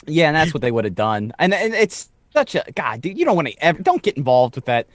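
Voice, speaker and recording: A man's voice: fairly high pitch, huge pitch swings, a little fast, no room sound, clean studio sound. A man co-hosting a podcast, sardonic and given to ranting with repeated phrases. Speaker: podcast co-host. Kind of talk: casual podcast banter.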